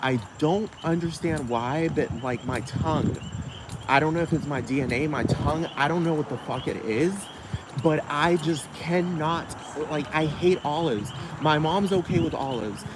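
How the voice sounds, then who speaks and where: Man, high voice, podcast host, rambling profane rant, outdoors, loud road traffic behind. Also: moderate pace. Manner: ranting, profane, filler-heavy with frequent "like". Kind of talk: casual rambling monologue. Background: cars and street traffic.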